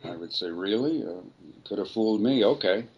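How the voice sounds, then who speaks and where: An older man speaks in a fairly low register, recounting career stories for an interviewer. He wanders and restarts his sentences, piling detail upon detail as he goes. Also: animated, moderate pace, a little mellow, breathy edge, lo-fi sound. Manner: rambling, self-correcting storyteller. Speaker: voice actor guest. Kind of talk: anecdotal interview storytelling.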